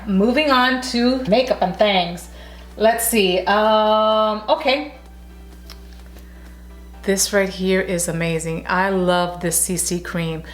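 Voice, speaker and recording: A woman vlogger chatting casually about beauty products, gushing and full of restarts and asides, recorded on a camera mic at home. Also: medium pitch. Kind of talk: casual product review chat.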